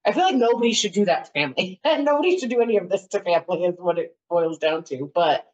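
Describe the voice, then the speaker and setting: A woman's voice: on the low side, lively intonation, fast talker, darkish tone. A woman telling her personal story as a podcast guest, in an earnest, rambling way. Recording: dull, lo-fi audio.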